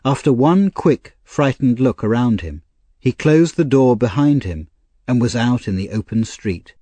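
A man narrating an audiobook in a measured, expressive storytelling manner. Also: medium pitch, husky, no room sound.

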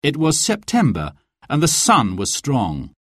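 Slow, expressive storybook narrator man. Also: mid-range voice, no echo, studio quality. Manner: expressive, with clear, careful delivery.

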